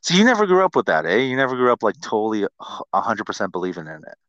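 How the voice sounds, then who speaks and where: A man's voice: fairly low pitch, huge pitch swings, racing, a bit bright, dry recording, highs cut off. A man in his forties hosting a podcast, talking in a casual, profane, ranting way. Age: 40s. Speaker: podcast host.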